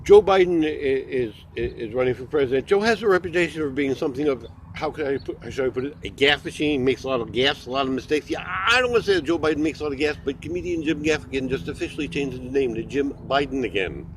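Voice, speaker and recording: A man's voice: medium pitch, lively intonation, quick pace, hardly any pauses, a little hiss or hum. A man doing a rambling comedy monologue, full of stammered restarts and jokey asides.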